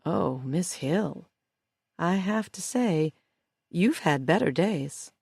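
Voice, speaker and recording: A woman voicing a smug, cold female schemer who speaks calmly and condescendingly. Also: on the low side, gravelly, breathy edge, no room sound, clean studio sound, heavily acted. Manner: calm, slow and condescending.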